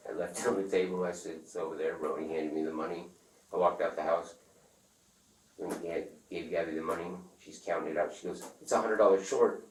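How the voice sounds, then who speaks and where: A man telling a rambling, profane story in casual talk, acting out the other people's lines loudly. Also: sits low, flat delivery, quick pace. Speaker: interviewee. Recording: echoey room, far from the mic, faint noise.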